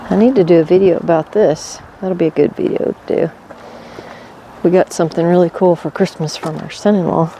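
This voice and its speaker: Low, mellow-voiced middle-aged woman. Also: fairly quick, a little hiss or hum. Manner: relaxed and rambling, thinking aloud. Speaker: woodworking vlogger. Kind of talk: casual how-to chat. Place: home woodworking shop.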